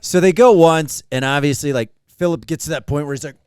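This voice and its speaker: A man's voice: on the high side, a little fast, clear, resonant tone, dry recording, clean studio sound. A man co-hosting a podcast, telling a story in casual, profane chat and acting out the people in it. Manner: animated, profane, acts out quoted voices. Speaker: podcast co-host.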